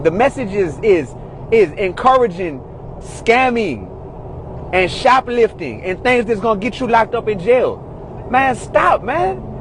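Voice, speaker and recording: Exasperated high-voiced man ranting. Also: a little hiss or hum, rough recording. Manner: exasperated, preachy, repetitive. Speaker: commentator in a played clip. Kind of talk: ranting monologue.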